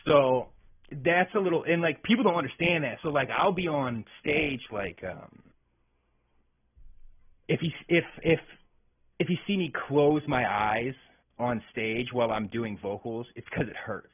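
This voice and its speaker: A man's voice: mid-range voice, unhurried, husky. A man on a podcast telling a rambling, profane story with lots of fillers and restarts. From Arkansas. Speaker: podcast guest, metal vocalist. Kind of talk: casual storytelling chat. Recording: tinny phone-like podcast audio.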